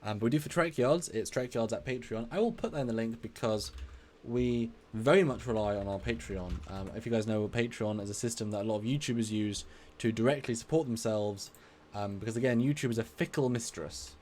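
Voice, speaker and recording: A man in a mid-pitched, everyday voice hosts a casual live stream. He is chatty and energetic, reads viewer comments aloud and answers them on the fly with easy laughs. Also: brisk, few pauses, slight background noise.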